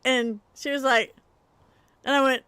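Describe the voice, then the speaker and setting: A woman's voice: sits high, fairly even intonation, unhurried, sharp tone, smooth, dry recording. Chatty woman telling stories. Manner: laughs often, chatty, self-mocking. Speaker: livestream gaming host. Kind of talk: casual storytelling chat with viewers.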